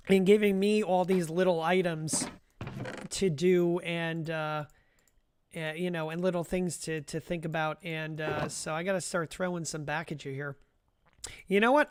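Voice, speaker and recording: Clear and resonant at a medium pitch, this livestreamer's voice comes through a dry recording while offering relaxed live gameplay commentary. Chatty and wandering, they speak to chat viewers by name, restart frequently, and laugh often, amused at themselves.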